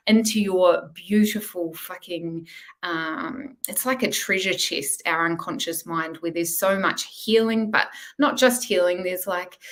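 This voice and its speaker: A woman reading tarot cards live for her viewers, her voice sitting a little low for a woman. She talks in a gentle, reflective way, meandering and circling back as she shapes each thought. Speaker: tarot reader.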